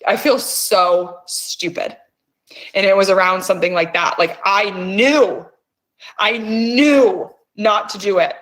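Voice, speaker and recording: A middle-aged woman leads an emotional release session in a mid-range, fairly bright voice, taking a slow pace. She pushes listeners forward with vivid language and frequent swearing.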